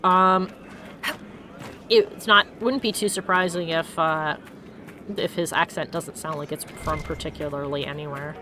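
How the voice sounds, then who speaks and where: A woman streaming a video game, chatting casually, reacting loudly and laughing often. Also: deep voice, steady tone, a little slow, slight background noise. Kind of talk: casual let's-play chat.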